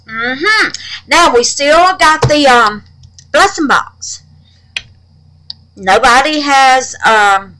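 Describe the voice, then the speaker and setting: In a noisy home recording, a woman casually chats with her viewers about her resin crafts, calling them babies and honey. Her voice is a little high and bright, with a forceful tone.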